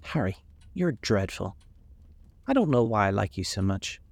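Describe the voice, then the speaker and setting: A man voicing an earnest, idealistic young gentleman in a storybook reading, speaking eagerly. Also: fairly low pitch, very animated, normal speed, gravelly, no echo, exaggerated voice.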